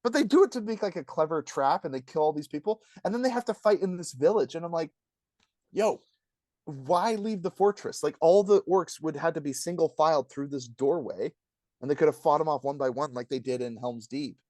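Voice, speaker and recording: A man on a podcast, talking fast and excitedly as he rants, jumping into a higher voice when he mimics people. His voice sits a little high for a man. The close mic sounds dry, with no room echo. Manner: animated, ranting, acts out quotes in a high voice. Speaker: podcast co-host. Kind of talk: casual review chat.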